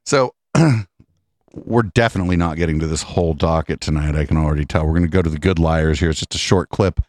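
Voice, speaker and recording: A man with a very low voice hosts a casual podcast, sardonic and profane in his asides. The sound is dry and close, with no room echo. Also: fairly quick, a little mellow. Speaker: podcast host. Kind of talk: casual political chat.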